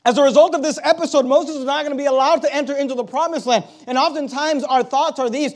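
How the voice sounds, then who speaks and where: A middle-aged male pastor delivers his sermon in a strikingly high voice. He drops to soft, confiding tones and then rises into loud, emphatic preaching. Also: quick pace, hardly any pauses.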